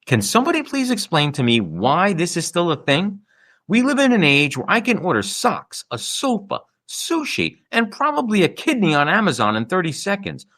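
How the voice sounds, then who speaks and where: A man's voice: huge pitch swings, moderate pace, fairly bright tone. A man hosting his own podcast, delivering an exasperated, sarcastic comedic rant. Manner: exasperated, sarcastic ranting with sudden pitch jumps. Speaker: podcast host.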